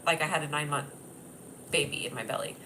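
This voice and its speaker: Loud, giggly woman rambling on a livestream. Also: sits low, steady tone, quick pace, poor audio. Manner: loud, at times yelling; giggly and scattered. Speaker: comedian hosting a livestream. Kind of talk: rambling casual livestream chat. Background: piano playing.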